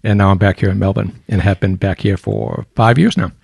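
Radio guest, American man, fifties, low-voiced, dry studio sound, chatty. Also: steady tone, a little fast, gravelly, darkish tone, breathy edge, no room sound. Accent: softened American, mixed. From Boston, USA. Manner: chatty storyteller, self-deprecating jokes. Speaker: guest, volunteer coordinator. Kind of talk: casual radio interview.

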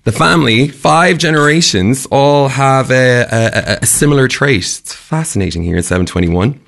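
A young Irish man hosting a breakfast radio show, telling a rant with an animated, chatty manner and frequent laughs. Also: medium pitch, normal speed, creaky. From Ireland. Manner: animated, ranting, laughs often.

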